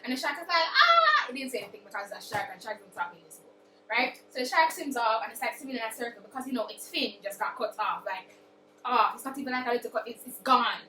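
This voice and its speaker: Young woman, chatty book vlogger, high bright voice, roomy distant sound. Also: fast talker, a little hiss or hum. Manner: chatty, dramatic retelling with acted quotes. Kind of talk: casual book recap. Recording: roomy echo, distant mic.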